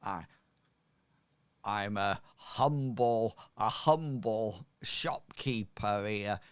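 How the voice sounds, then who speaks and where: A man's voice: fairly low pitch, extremely slow, clear, resonant tone, no room sound. A man voicing a chatty middle-aged woman shopkeeper who hints at gossip for coin. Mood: sly.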